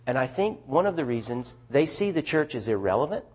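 Southern man, missionary speaker, lively storyteller, slightly husky voice. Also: mid-range voice, fairly quick, hardly any pauses. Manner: animated, chatty storyteller with restarts. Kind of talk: storytelling talk to an audience.

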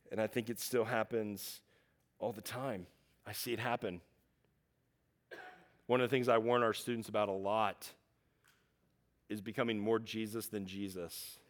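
A man preaching a sermon, animated, acting out quotes and swinging from loud emphasis to hushed asides. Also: lowish voice, normal speed, pauses often. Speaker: pastor.

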